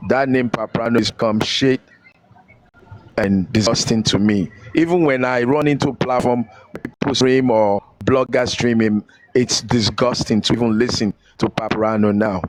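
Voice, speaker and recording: A man's voice: mid-range voice, normal speed, dry recording, rough recording. A man with a Nigerian accent in a heated rant, scolding and preaching and repeating phrases to drive his point home. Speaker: online commentator.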